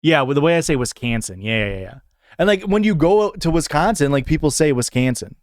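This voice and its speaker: A young streamer from northern Illinois, speaking with a Chicago-area Midwestern American accent, chats casually from his home streaming setup, answering his chat. His voice is on the high side, animated and brisk, with studio-quality sound and no room noise. He rambles, using lots of fillers and swearing.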